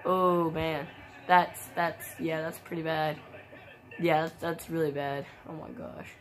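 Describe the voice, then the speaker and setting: Excitable woman calling a video game match. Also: sits low, takes it slowly. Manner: excitable, gasping exclamations, frequent sudden shrieks. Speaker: gameplay commentator. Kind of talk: casual play-by-play commentary of a wrestling video game.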